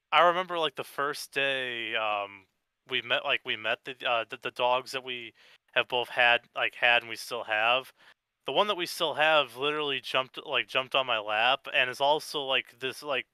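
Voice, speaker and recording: A man in casual chat, rambling and halting with many fillers. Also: medium pitch, sharp tone, smooth, dry recording.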